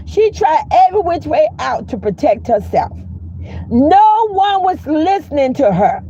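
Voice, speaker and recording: A woman hosting a casual commentary chat, telling stories in a blunt, profane, animated way. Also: high-pitched, dull audio, slight background noise. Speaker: commentary livestream host.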